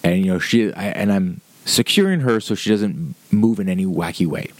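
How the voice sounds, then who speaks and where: A man's voice: low-pitched, moderate pace, dry recording. A man casually telling a rambling story, swearing freely, with lots of "like" and "um" along the way. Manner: rambling, profane, with frequent fillers.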